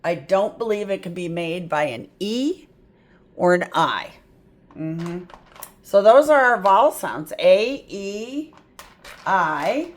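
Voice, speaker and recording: A woman's voice: mid-range voice, expressive, slow pace. A middle-aged woman tutor teaching a phonics lesson at a board, chatty and thinking aloud as she works through examples. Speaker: reading tutor.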